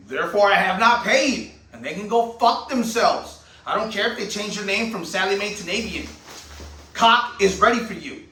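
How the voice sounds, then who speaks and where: A man's voice: high voice, bright, forceful tone, roomy sound, distant mic, low-quality recording. A man, a channel host and veteran, delivering a heated, profane monologue full of rhetorical questions. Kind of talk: ranting monologue.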